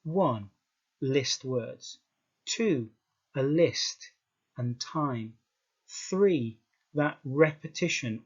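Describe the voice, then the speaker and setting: A man with a British accent, teaching an English exam skills lesson in a slow, emphatic way, repeating words for stress. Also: medium pitch, lively intonation, breathy edge. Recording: dull lo-fi sound.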